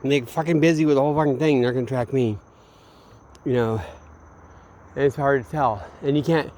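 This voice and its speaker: A man's voice: mid-range voice, brisk, darkish tone, slight background noise. A man from Minneapolis in a meandering, late-night solo monologue, swearing freely and often trailing off mid-thought. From Minneapolis, USA. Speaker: vlogger.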